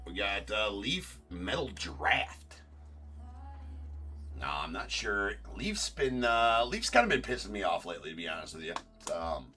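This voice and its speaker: A lower-pitched man with a bright, forceful tone calls out cards during a livestream break. He talks in a chatty, opinionated way, and his pitch moves around a lot. Soft music plays behind him. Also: far from the mic. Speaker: card break host. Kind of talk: livestream card-break commentary.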